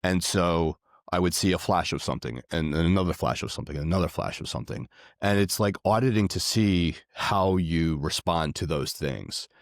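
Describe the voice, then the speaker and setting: A man's voice: sits low, moderate pace, dry recording, clean studio sound. A man guest in a casual conversation, earnest and rambling, with many fillers and restarts. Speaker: podcast guest.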